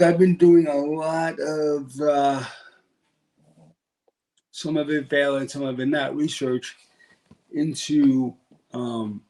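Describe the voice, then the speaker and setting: A man's voice: mid-range voice, gravelly, a little mellow, low-quality recording. A man with a New York accent co-hosting a podcast, musing in casual chat. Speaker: podcast co-host.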